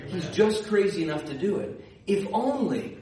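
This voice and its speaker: Guy preaching in church, fairly high voice, lots of room echo, mic kinda far off. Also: very animated, normal speed, warm tone. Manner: storytelling, rising to emphatic repeated calls. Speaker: pastor. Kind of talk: sermon. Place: church sanctuary. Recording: echoey church hall, distant mic.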